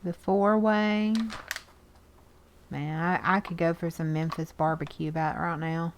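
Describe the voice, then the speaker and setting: A woman's voice: low-pitched, steady tone, measured pace, slight background noise. A woman chatting casually as she sorts through magazines, exclaiming over pictures and reading bits aloud. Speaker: art journaling video host. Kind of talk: casual chat while sorting magazines.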